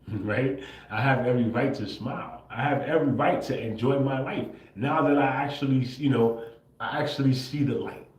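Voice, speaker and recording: Guy on a livestream rambling to his viewers, says bro a lot, echoey room. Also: mid-range voice. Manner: talks to viewers with frequent "bro" and "right?", laughs often; swears casually. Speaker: livestream host. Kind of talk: casual livestream monologue. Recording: roomy echo.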